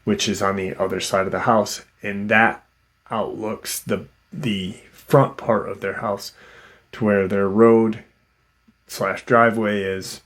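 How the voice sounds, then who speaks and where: A man with a lowish, level, fairly bright voice speaks slowly. As host, he casually retells a witness's encounter as a story, rambling with many fillers and restarts.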